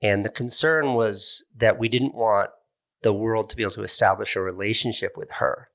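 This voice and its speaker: A man's voice: lowish voice, fairly even intonation, normal speed, fairly bright tone. A middle-aged man speaking as an interview guest, candid and thoughtful, often restarting his words as he reflects. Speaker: interview guest, online video creator.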